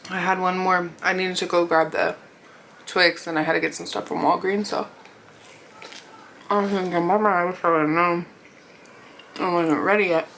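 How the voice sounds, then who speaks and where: A woman's voice: on the low side, steady tone, normal speed, long pauses, fairly bright tone, a little hiss or hum, rough recording. A young woman vlogger casually telling a rambling story while eating, laughing often and acting out what people said. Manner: chatty, rambling, lots of "like" and quoted dialogue. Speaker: mukbang vlogger.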